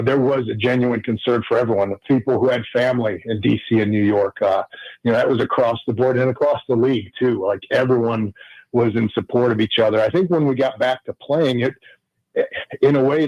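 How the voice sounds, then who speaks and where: A man, a former pro football player, recounting his memories as a guest on a radio show, talking in halting sentences full of restarts. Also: medium pitch, darkish tone, no echo, muffled recording. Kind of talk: conversational radio interview.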